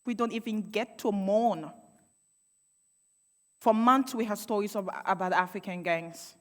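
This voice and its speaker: A woman's voice: medium pitch, a little slow. Impassioned young woman speaking in a hall. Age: young adult. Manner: impassioned, rhetorical questions, sarcastic asides. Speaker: panel speaker. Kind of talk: public speech. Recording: long hall reverb.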